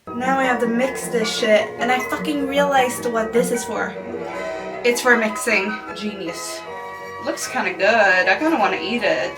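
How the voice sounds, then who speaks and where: A young woman vlogging casually at home late at night, swearing constantly in a frustrated, self-mocking way. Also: fairly high pitch. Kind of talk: casual talk to camera. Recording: distant mic with music behind.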